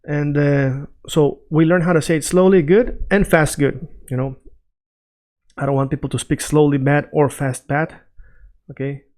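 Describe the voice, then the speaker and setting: A man teaching Spanish in a casual freestyle lesson, checking in with his listeners often and repeating phrases slowly to drill them. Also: a little high, steady tone, a little mellow. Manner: conversational, checks in often with "right?" and "all right?".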